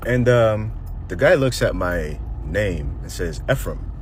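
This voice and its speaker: A man's voice: sits low, animated, slow, a little hiss or hum. A young man from Nigeria, casually and animatedly retelling a personal story with quoted reactions.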